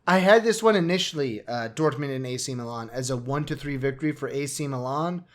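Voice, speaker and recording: A man's voice: mid-range voice, a little fast. A man co-hosting a casual sports podcast, chatty and self-mocking, often trailing off mid-thought. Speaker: podcast co-host.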